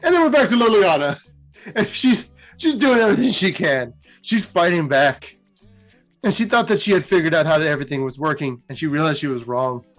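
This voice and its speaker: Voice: mid-range voice, sing-song, brisk, faint music behind. A podcast host casually retelling fantasy game lore, rambling with many fillers and laughing at the jokes. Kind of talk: casual storytelling.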